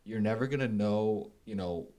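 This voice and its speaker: A man in a podcast conversation, speaking in a halting, reflective way with many fillers. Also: lowish voice, warm tone. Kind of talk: casual conversation.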